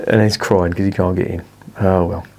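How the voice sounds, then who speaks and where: A man's voice: sits low, little pitch movement, normal speed, warm tone. A man reviewing a beer in a casual vlog, blunt and grumbling, swearing freely.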